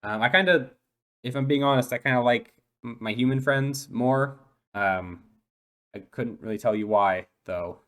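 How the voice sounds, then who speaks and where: A man's voice: mid-range voice, moderate pace, fairly bright tone, close to an everyday voice. A man voicing an eight-year-old dolphin boy in a tabletop role-play, who talks hesitantly with many ums and restarts. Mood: nervous, chatty.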